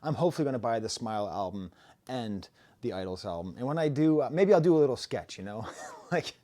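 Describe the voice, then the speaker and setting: A middle-aged man talks through his plans in a loose, playful ramble, stumbling over restarts. His voice is mellow and dark, yet his pitch moves around a lot as he gets going. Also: expressive, quick pace. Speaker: music reviewer host. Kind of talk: casual chat.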